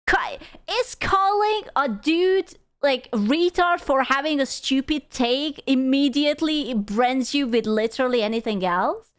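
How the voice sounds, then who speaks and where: Animated woman reacting on stream. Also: high voice, no room sound. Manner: animated, exclaiming, quick asides. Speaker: VTuber streamer. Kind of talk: casual reaction commentary.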